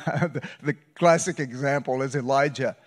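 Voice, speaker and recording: A man preaching a sermon as a guest pastor, telling a story with loud bursts and hushed, quiet passages. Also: mid-range voice, moderate pace. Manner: animated, shifts between loud bursts and hushed retelling. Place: church sanctuary.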